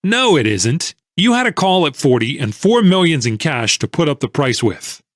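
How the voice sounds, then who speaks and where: A man voicing a furious, shouting male speculator in an audiobook, accusing and sputtering with anger. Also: fairly high pitch, big pitch swings, moderate pace, no room sound, studio quality. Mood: angry shouting. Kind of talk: audiobook character voice.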